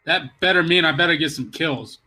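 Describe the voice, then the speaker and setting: A man co-hosting a casual podcast, excitable and jokey, swearing a lot. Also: fairly high pitch, a little fast. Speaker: podcast co-host. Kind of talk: casual chat.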